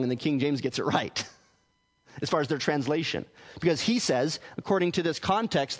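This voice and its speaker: High-voiced man preaching in a reverberant hall. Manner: earnest explaining, restarts words. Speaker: pastor. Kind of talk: teaching sermon.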